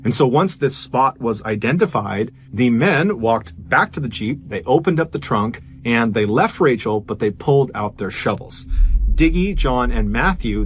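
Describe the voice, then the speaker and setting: A man telling a true crime story in a conversational, emphatic way. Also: medium pitch.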